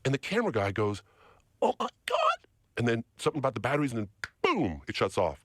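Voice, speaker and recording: Husky, animated man telling a story. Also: medium pitch, very fast, dry recording, clean studio sound. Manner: acts out other people's lines in quotes. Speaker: podcast guest.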